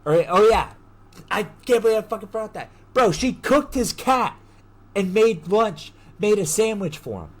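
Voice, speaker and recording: A man hosting a podcast, retelling a story in a casual, animated way, full of slang and swearing. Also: high-pitched, moderate pace. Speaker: podcast host. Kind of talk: casual chat.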